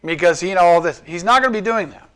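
A pastor preaching a conversational sermon, asking his listeners rhetorical questions and slowing down to stress key points. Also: high-pitched, fairly bright tone, clean tone. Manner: asks the congregation rhetorical questions, slows down for emphasis.

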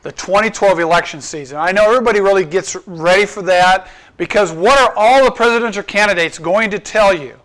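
A pastor preaching a conversational sermon, asking his listeners rhetorical questions and slowing down to stress key points. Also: sits high, fairly bright tone. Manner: asks the congregation rhetorical questions, slows down for emphasis.

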